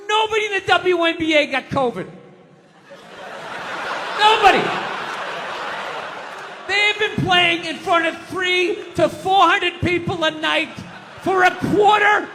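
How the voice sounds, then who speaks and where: A man doing a profane, shouting stand-up comedy rant at a live show. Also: extremely high pitch. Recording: live show with audience noise.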